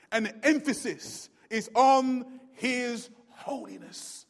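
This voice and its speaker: A man preaching a sermon, swinging between loud emphatic lines and low, quiet ones. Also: slow, creaky, few pauses. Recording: long hall reverb.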